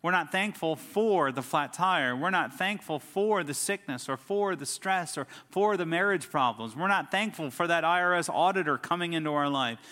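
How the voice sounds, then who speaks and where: A man's voice: fairly high pitch, animated, moderate pace, few pauses, pushed and bright, in a large hall. A middle-aged man preaching a sermon as a pastor, telling stories and building emphatic lists. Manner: storytelling preacher, emphatic lists and rising outbursts.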